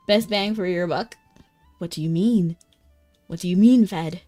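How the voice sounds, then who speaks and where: A woman's voice: on the low side, measured pace, pauses often, warm tone. A young woman chatting casually with viewers while streaming a game, bubbly and talkative. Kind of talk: casual live-stream chat. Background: faint game music.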